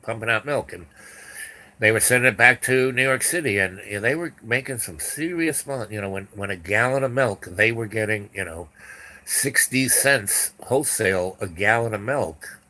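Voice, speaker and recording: An older man telling a long personal story in a loose, rambling way, with asides and restarts throughout. His voice sits low, and his tone is sharp and bright. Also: animated, moderate pace. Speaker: podcast host.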